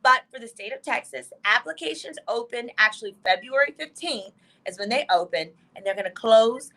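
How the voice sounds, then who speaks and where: A woman legal expert guest on a talk show, explaining with fast, emphatic excitement over a video call from a hotel room. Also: on the high side, poor audio.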